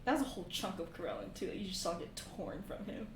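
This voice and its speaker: A woman running a live tabletop game as game master, narrating in a casual, animated way with lots of fillers. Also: medium pitch, fast talker. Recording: echoey room, faint background hiss.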